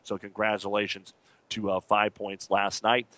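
A man hosting sports radio, reading scores and news in a steady, matter-of-fact way with fillers. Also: lowish voice, moderate pace, no room sound.

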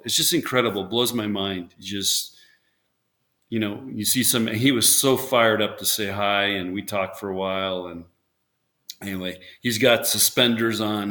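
A man whose voice sits on the low side, with a sharp tone, talks casually in an interview. Formerly a volleyball coach, he tells rambling tales, keeps restarting, and acts out quotes.

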